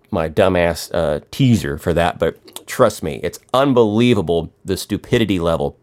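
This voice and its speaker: Middle-aged man, low voice, crude sarcastic podcast ranter who rambles and restarts. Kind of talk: profane comedic rant.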